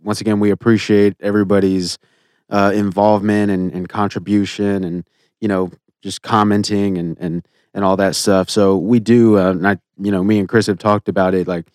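A man's voice: lowish voice, flat delivery, normal speed, a little mellow, dry recording, studio quality. A man co-hosting a casual podcast, rambling with many fillers and restarts. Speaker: podcast co-host.

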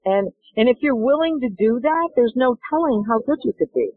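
A woman's voice: on the high side, a little fast, husky, no room sound. A middle-aged woman, a golf instructor, telling stories in an interview and acting out the dialogue. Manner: animated, acts out dialogue in stories. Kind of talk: interview storytelling. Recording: dry tinny phone-like line.

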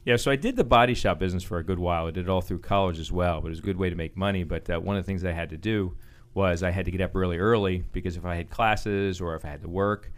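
Fast-talking low-voiced man telling stories. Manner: animated storytelling with frequent fillers and restarts. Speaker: guest, business owner. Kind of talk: conversational radio interview answers.

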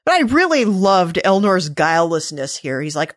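A woman's voice: on the low side, very animated, moderate pace, no echo, clean studio sound. A woman co-hosting a casual fan discussion podcast, easygoing and wry. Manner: easygoing, wry, full of comparisons. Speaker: podcast co-host.

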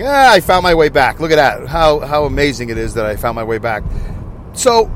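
A man hosting a casual solo podcast, rambling excitably and loudly with many asides, with faint noise behind him. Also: medium pitch. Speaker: podcast host. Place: in his car.

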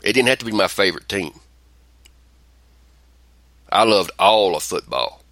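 A man's voice: sits low, a little slow, creaky, no echo. A man hosting a casual podcast chat, ranting and telling stories with plenty of swearing. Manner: profane, ranting, animated storytelling. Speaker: podcast host.

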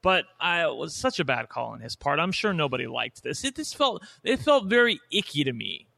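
Bright-voiced man giving frank opinions. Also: a little high, sing-song, fairly quick, gravelly. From Indiana, USA. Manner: candid, opinionated, trails off and restarts. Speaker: podcast co-host. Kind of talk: casual chat.

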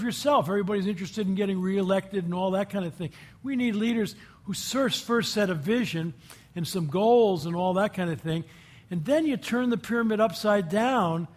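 High-voiced man telling folksy stories. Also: a little mellow. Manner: folksy, asks the audience questions. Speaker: guest speaker addressing a group. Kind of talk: inspirational talk with anecdotes.

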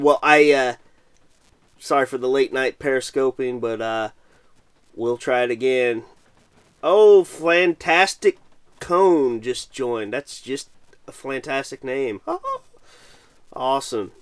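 A man's voice: mid-range voice, clear, resonant tone, dry recording. A middle-aged man from Missouri, hosting a casual late-night livestream and chatting while reading viewer comments aloud. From Missouri, USA. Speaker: podcast host.

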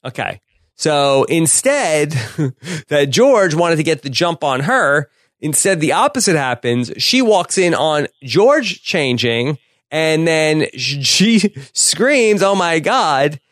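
A man co-hosting a podcast, casually retelling a sitcom episode scene by scene with quick laughs. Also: fairly high pitch, very animated, fairly bright tone, no echo, studio quality. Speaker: podcast co-host.

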